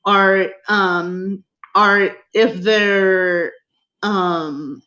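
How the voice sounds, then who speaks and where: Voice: medium pitch, steady tone, drawn-out words, sharp tone. A guest speaker presenting a lecture on a video call, explaining steadily with occasional fillers. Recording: muffled video call audio.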